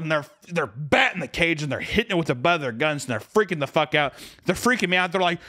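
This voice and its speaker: Talking a little fast with hardly any pauses, a young man with a fairly high-pitched voice co-hosts a podcast. His story is casual, crude, and funny, and he voices the people in it, screaming their quotes with animated energy.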